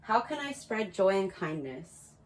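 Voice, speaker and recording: A woman's voice: mid-range voice, very animated, measured pace. A woman giving a casual spiritual card reading, talking frankly and chattily and laughing at her own slips. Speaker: tarot card reader.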